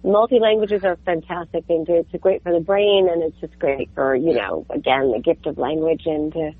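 A woman with a New York accent talks as a guest on an interview, quick to turn sharp or sarcastic. Her voice has a breathy, husky grain. It comes through a narrow, phone-like line. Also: low voice. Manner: animated, sharp and a little sarcastic. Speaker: guest voice actor. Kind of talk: casual interview chat.

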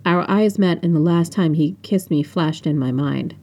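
A woman's voice: low voice, moderate pace, mellow. Woman narrating her own audiobook. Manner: casual narration with offhand asides. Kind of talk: unedited first-person audiobook narration.

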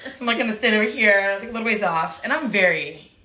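A woman talks in a quick, bright, chatty way, stringing her story together with "like" and little acted-out quotes. Her voice rings around a roomy, echoing space. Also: medium pitch, lively intonation. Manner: chatty, fills talk with "like", acts out quotes. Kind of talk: casual chat, telling a travel story. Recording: roomy echo.

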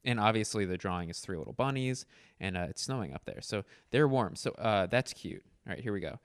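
A young man with a low, smooth voice reads out stories he wrote as a child. He cracks jokes and rambles through self-mocking asides about his old drawings. The recording is dry and close. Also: expressive, fairly quick, no echo. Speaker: creator reading his childhood writing. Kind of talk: casual commentary.

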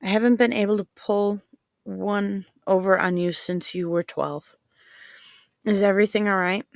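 A woman's voice: medium pitch, steady tone, normal speed, vocal fry, dry recording, clean studio sound, lightly acted. A woman voicing a protective middle-aged father who is his daughter's spy handler, blunt and persistent. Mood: wry.

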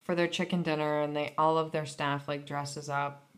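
A woman's voice: sits low, flat delivery, normal speed. An American woman from Michigan co-hosting a podcast, chatting in a laid-back, rambling way. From Michigan, USA. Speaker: podcast co-host. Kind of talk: casual chat.

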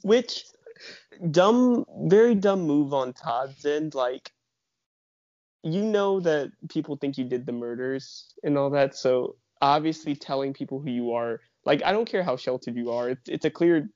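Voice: mid-range voice, expressive, a little slow, a little mellow, no echo. A podcast co-host in casual chat, exasperated and full of rhetorical questions. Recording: dry muffled lo-fi.

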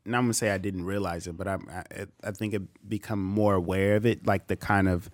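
Low-voiced, relaxed podcast co-host. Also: male voice, brisk, dry recording, clean studio sound. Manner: relaxed, many fillers and agreeing murmurs. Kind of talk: casual chat.

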